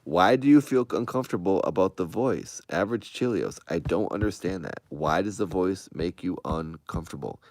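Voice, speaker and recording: A man's voice: sits low, expressive, normal speed, hardly any pauses, darkish tone, no echo. A man chatting casually to his online audience, answering their comments in a rambling, defensive way. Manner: rambling and defensive, with frequent restarts. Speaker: streamer answering viewer comments.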